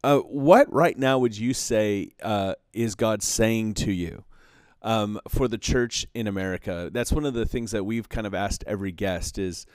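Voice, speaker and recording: A man with a low voice hosts a podcast interview and cheers his guest on with quick affirmations. He is recorded close and dry, with no echo. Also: clean tone. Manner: warmly affirming, quick to say "come on" and "wow". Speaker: podcast host. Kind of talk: interview conversation.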